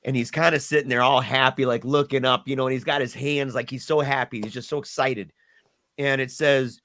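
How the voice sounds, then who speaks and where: A man's voice: mid-range voice, a bit bright. Earnest man telling a hard story. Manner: earnest, halting, repeats words when moved. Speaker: podcast guest. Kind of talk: emotional personal storytelling.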